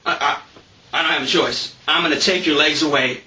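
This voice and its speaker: A man's voice: a little high, a little fast, pushed and bright. A man putting on a casual, grumbling voice for an irritated, nosy male God in a comedy bit, heard in an echoey room. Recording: roomy sound from a distant mic.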